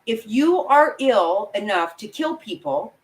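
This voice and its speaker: A woman's voice: fairly high pitch, big pitch swings, unhurried, poor audio. A woman giving angry, blunt, profane commentary as a vlogger, talking straight to her viewers. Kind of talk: opinionated live commentary.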